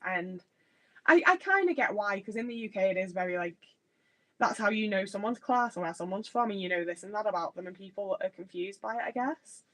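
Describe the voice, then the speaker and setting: A woman's voice: medium pitch, fairly bright tone, rough recording. A young English woman from the Midlands, with a slight Liverpool twang, chatting and swearing freely with viewers while baking in her home kitchen. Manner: rambling, chatty, swears freely, self-deprecating. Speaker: livestreamer.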